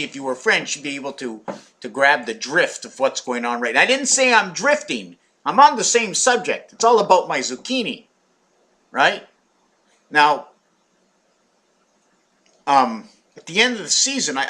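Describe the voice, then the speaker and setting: A man's voice: a little high, pushed and bright. A man delivering a rambling comic monologue full of wordplay, hopping from topic to topic and repeating and restarting his words.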